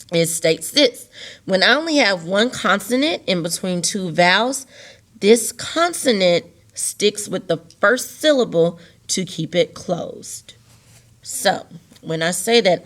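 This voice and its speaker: Young woman teaching kids over video, kinda low voice, patient, sing-songy, repeats stuff. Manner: patient, sing-song emphasis, repeats key words. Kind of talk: recorded video lesson on syllables.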